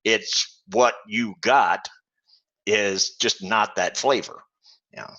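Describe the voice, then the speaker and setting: A man on a video call explaining his experience at length in a measured way. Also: lowish voice, fairly even intonation, sharp tone, husky, muffled recording. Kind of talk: casual livestream chat.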